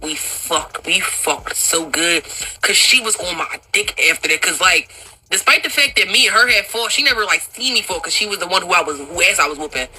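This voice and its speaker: A young woman telling a story to her viewers in a very bright, sharp voice. She talks in an animated, profane way and laughs often as she goes. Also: on the low side, fairly quick, husky, low-quality recording. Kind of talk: casual storytime monologue.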